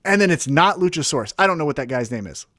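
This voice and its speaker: A man co-hosts a casual podcast, telling a story with animated energy. His voice sits high and swings widely. The sound is dry and close. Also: fast, no echo. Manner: animated storytelling, acting out quoted lines. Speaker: podcast co-host. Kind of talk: casual wrestling podcast chat.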